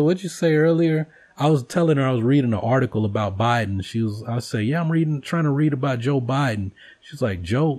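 A man with a casual rambling delivery, profane and joking as he tells stories to his viewers. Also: on the low side. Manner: profane, joking, animated storytelling. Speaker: vlogger host.

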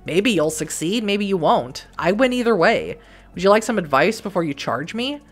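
A woman's voice: mid-range voice, animated, normal speed, breathy edge. A woman voicing a cruel, scheming female witch who taunts her enemies in a game. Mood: mocking. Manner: taunting, mocking.

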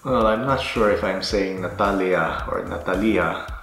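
A man in his thirties talking casually in a gardening vlog, relaxed and easygoing with soft chuckles. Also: on the low side, moderate pace, vocal fry. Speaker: gardening vlogger. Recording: roomy echo with faint music.

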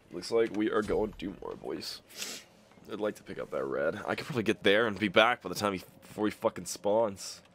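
A young man commentating his own gameplay, muttering one moment and yelling and cursing in frustration the next. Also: on the low side, moderate pace, husky. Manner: swings between mutters and yelled, cursing outbursts. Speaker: gaming YouTuber.

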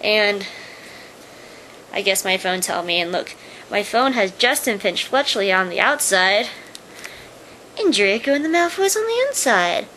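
A woman's voice: medium pitch, sing-song, a little slow, long pauses, sharp tone, a little hiss or hum, poor audio. A young woman chatting casually to her webcam, rambling through stories and gushing sign-offs. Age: young adult. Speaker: vlogger. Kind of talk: casual vlog chat.

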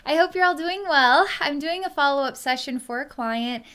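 A woman speaking as a psychic energy healer in a solo reading, talking slowly and softly with many pauses and fillers. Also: high-pitched. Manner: slow, hesitant speech with many pauses and fillers; soft and quiet when tuned in. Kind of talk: solo reading monologue to camera.

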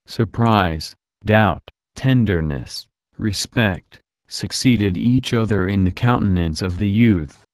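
A male audiobook narrator reads old-fashioned prose at an unhurried, measured pace. His voice sits somewhat low, and the recording is close and dry, with no room sound. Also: darkish tone, no echo. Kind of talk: scripted narration of a classic novel.

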